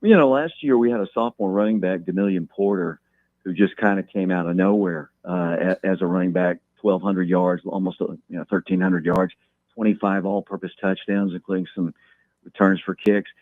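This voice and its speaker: A man calling in as a guest, talking football in a measured way and repeating words as he thinks. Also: sits low, fairly even intonation, no echo. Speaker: guest talking local high school football. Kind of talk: phone-in interview. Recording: tinny phone line.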